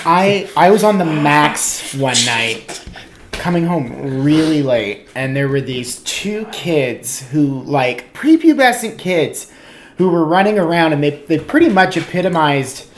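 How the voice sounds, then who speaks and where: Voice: mid-range voice, very animated, unhurried. Wry comedian telling a story. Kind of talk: casual storytelling chat. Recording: faint background noise.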